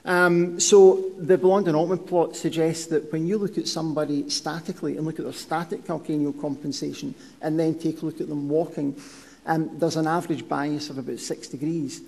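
A middle-aged man presents research to a conference audience in a measured, explanatory way, pausing on ums and restarting phrases. His voice sits a little high for a man. A long reverb from the lecture hall trails after each phrase. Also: fairly even intonation, vocal fry, a little mellow. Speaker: podiatry researcher giving a lecture.

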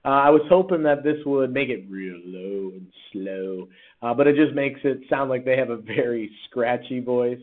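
A man, a teacher, talking casually through a screen-recorded software tutorial with lots of fillers and restarts. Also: medium pitch, moderate pace. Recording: tinny, phone-like sound.

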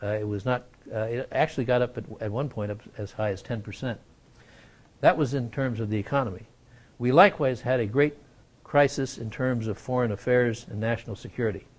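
Older male lecturer, unhurried storyteller, mid pitch, lots of uh pauses. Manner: measured, frequent uh fillers, storytelling. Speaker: guest lecturer. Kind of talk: lecture with anecdote.

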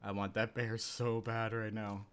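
Low-voiced and a little slow, this young Canadian streamer gives live commentary on a survival game over some background noise. When trouble hits, he panics with excited yelps and laughter.

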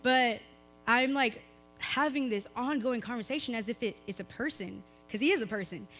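A young woman, preaching a casual youth sermon in a slightly hoarse voice, chatty and full of "like" fillers. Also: on the high side, moderate pace, a bit bright, faint music behind. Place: church service, recorded live.

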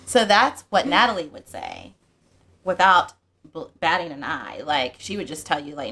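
A middle-aged woman hosting a family book channel, chatting and retelling a story in an animated way. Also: low-pitched, normal speed, slightly rough. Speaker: book channel host and mother. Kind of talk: casual family chat.

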